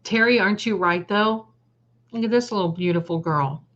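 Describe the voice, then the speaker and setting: A woman hosting a psychic livestream, chatting with viewers, trailing off and restarting, and slowly reading out lists of words. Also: medium pitch, a bit bright, lo-fi sound. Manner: reads out word lists slowly.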